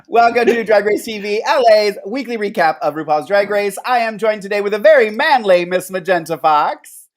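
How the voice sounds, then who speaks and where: A man's voice: sits high, lively intonation, moderate pace. A man co-hosting a recap show, reading a scripted intro and then chatting loosely with many fillers and laughs. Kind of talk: casual chat with scripted intro.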